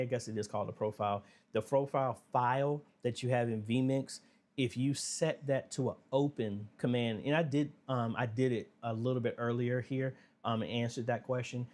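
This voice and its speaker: A man hosting a casual live Q&A, talking through viewer questions in a relaxed, conversational way with plenty of fillers. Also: mid-range voice. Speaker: livestream Q&A host. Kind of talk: casual livestream Q&A.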